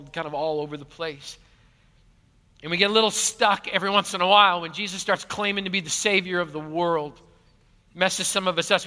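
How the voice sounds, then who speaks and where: Male pastor, bright, high voice, animated sermon delivery, big reverberant church hall. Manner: animated, swings from loud to hushed. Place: large church auditorium.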